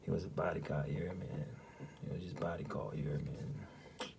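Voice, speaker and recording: A man with a low, deep voice tells a story in loose, profanity-laced casual talk, looping back with "you hear me?" every few lines. He keeps slipping into a breathy half-whisper, over a faint hum of room noise. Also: steady tone, brisk. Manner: drops often into a hushed, breathy half-whisper. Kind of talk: casual spoken recounting of a dream.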